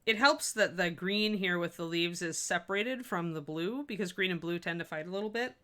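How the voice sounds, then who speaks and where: A woman hosts a relaxed painting stream, thinking aloud as she works and dotting her talk with ums and likes. Her voice sits a little low, with a bright, forceful edge. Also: a little fast. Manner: chatty, thinking aloud with frequent fillers. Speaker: miniature painting stream host. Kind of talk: casual live-stream tutorial talk.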